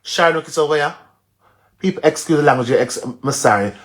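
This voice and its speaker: A man's voice: a little high, expressive, brisk. A man with a Jamaican accent, rambling in patois on a live stream and repeating himself dramatically.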